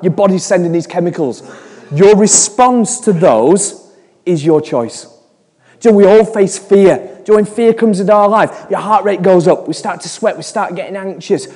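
Fortysomething guy giving a sermon, high-ish mellow voice, rambly story style, big echoey hall. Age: 40s. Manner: chatty storytelling with repeated restarts. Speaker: preacher.

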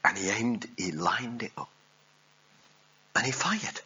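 A male preacher, giving a sermon with animated storytelling and jokes with the congregation. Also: fairly low pitch, slow pace, slightly rough, dull audio.

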